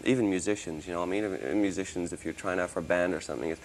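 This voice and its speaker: A man in his thirties, a musician and actor originally from Australia, talks as an interview guest in a mostly American accent with traces of Australian. His deep, steady voice races along with hardly any pauses as he rambles casually with many restarts, over slight background noise.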